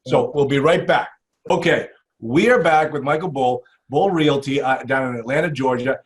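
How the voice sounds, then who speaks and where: A man's voice: mid-range voice, moderate pace. A man hosting a real estate investing podcast, chatting casually and reacting with enthusiasm. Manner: enthusiastic, reacts with "wow" and laughs. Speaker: podcast host. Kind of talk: casual interview chat.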